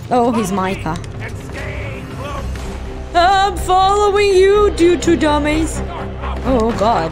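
An excitable woman reacting to a video game as she plays, laughing, swearing and calling everyone bro. Her voice is very high and lively but her talk is slow and drawn out, with game music playing loudly behind. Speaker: gaming streamer. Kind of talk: live game reaction commentary.

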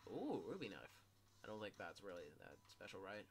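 A man commentating his own gameplay casually, swearing a lot and yelling in sudden bursts. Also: lowish voice, huge pitch swings, fairly quick, vocal fry, soft background music. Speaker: gameplay streamer.

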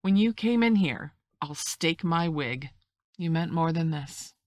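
A calm, shrewd country doctor, voiced by a woman reading aloud in a low, measured, reasonable tone. It sounds close and dry, like a storybook read straight into the mic. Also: no echo. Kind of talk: audiobook reading.

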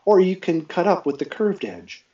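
A man's voice: high-pitched, very animated, moderate pace, warm tone, muffled recording, voice pushed up. A man voicing an earnest young girl page. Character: determined, practical young girl page in training.

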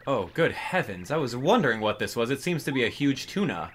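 A man's voice: mid-range voice, sing-song, a little fast, slight background noise, natural voice. A man voicing a pompous male explorer who speaks in a stuffy, old-fashioned way.

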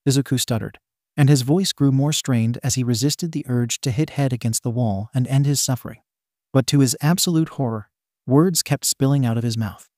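A man reading fan fiction aloud as narrator in an even, steady way. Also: mid-range voice, a little fast, dry recording, studio quality.

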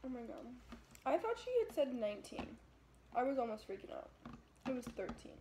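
A woman's voice: on the high side, sing-song, fairly quick, background noise. A young woman hosting a casual eating vlog, chatting playfully and giggling while she eats. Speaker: vlogger host. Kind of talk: casual mukbang chat.

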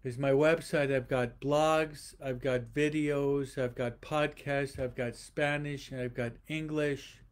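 A priest giving a homily to an online audience, slowly repeating rhetorical questions and often pausing and restarting mid-sentence. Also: male voice, mid-range voice, fairly even intonation, smooth. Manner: slow, repetitive preaching with rhetorical questions; pauses and restarts often, speaking to online viewers. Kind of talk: livestreamed homily.

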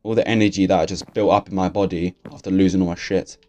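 A man's voice: deep voice, steady tone, fast talker, warm tone. A young man, talking through a game in a casual, swear-filled, grumbling ramble. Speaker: gaming YouTuber. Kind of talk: casual let's-play commentary.

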